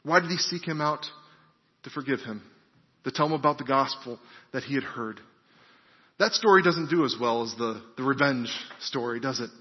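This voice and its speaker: A man's voice: medium pitch, moderate pace, in a large hall, muffled recording. A man preaching a sermon who keeps asking his listeners questions and repeating phrases for emphasis. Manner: preaching with rhetorical questions and repetition. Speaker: pastor.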